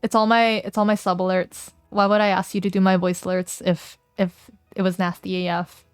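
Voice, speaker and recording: A woman's voice: mid-range voice, little pitch movement, a little fast, clear, resonant tone, dry recording. A woman streamer chatting playfully and reading game text aloud, giggling often. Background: faint music.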